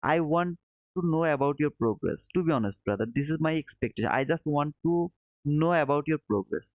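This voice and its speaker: A man's voice: on the high side, expressive, brisk, no room sound. A man hosting a live trading stream, walking viewers through charts, reading chat and calling them brother. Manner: friendly, calls viewers brother, thinks aloud while charting. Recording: dull lo-fi dry sound.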